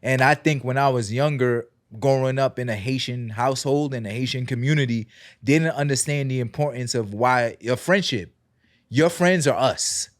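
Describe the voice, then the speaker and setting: A man's voice: mid-range voice, moderate pace, no echo, clean studio sound. A young adult man co-hosting a podcast, talking in a candid, reflective way with slang fillers. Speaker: podcast co-host. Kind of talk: casual chat.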